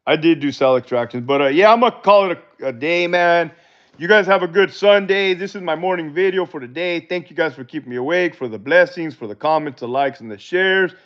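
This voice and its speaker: Middle-aged male streamer, slightly high voice, blunt and profane, muffled lo-fi audio. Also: fairly quick. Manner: blunt, profane, laid-back storytelling. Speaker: livestream host, former corrections officer. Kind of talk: casual livestream chat answering viewer questions. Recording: dull lo-fi livestream audio.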